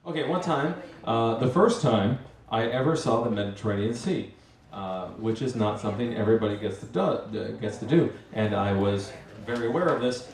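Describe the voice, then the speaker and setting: A man spins a live stage story, stumbling through restarts and poking fun at himself. His voice sits at an ordinary pitch and comes from across a reverberant room. Faint ambient noise sits under him. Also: normal speed. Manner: rambling and self-mocking, with many restarts. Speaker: master of ceremonies telling a story. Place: live event venue with an audience. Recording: roomy, distant mic, faint ambience.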